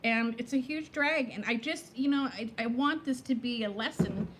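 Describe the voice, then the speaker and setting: A woman in her fifties hosting a casual live chat, talking fast between topics and greeting viewers by name. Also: fairly high pitch, a little hiss or hum. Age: 50s. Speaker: livestream host.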